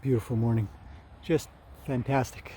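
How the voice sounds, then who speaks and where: A man training horses out in a pasture, talking casually to the camera and chatting to the horses in a relaxed way. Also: medium pitch, normal speed, slight background noise. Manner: relaxed, talks to the horses as he goes. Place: outdoors in a pasture among horses.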